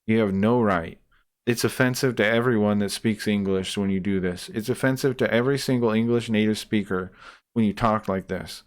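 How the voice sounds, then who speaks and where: Man, reaction commentary, heated profane ranting, smooth clear voice, repetitive restarts. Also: lowish voice, fairly quick. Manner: repeats and restarts while worked up. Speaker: streamer reacting to a debate clip.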